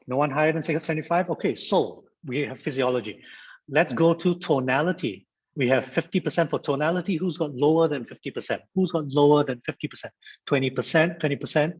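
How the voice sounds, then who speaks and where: A man's voice: fairly high pitch, brisk, slightly rough, highs cut off. A man from Singapore giving an interactive online lecture as a guest speaker, repeating phrases and joking like an auctioneer. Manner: lively, repeats phrases, auctioneer-style banter. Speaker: guest speaker at a mediation training. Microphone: video call.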